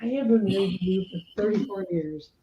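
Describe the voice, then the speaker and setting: A woman's voice: mid-range voice, brisk. A woman trading playful, sassy comebacks with her husband in a casual chat. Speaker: guest, wife. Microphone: video call. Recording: muffled, echoey distant mic with faint noise.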